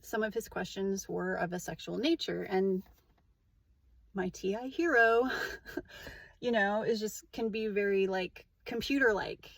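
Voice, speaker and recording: A woman speaking in a loose, confessional vlog monologue, wandering from thought to thought and leaning on "like" as she goes. Her voice sits at an ordinary middle pitch, recorded close and dry with no room sound around it. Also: a little slow, creaky, no echo. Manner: rambling and candid, heavy use of "like". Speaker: vlogger.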